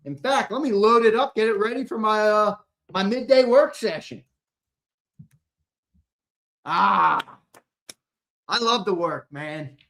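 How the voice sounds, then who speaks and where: A man with a high voice, speaking at normal speed, hosts a sports talk show and chats casually with viewers on a livestream. He curses often, rants excitably with sudden loud outbursts, and jokes and laughs as he reacts to comments.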